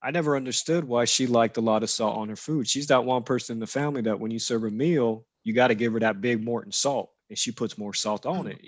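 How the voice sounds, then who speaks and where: A man's voice: mid-range voice, no echo. A man chatting casually on a podcast, telling a rambling family story and often checking that listeners follow. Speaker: podcast guest.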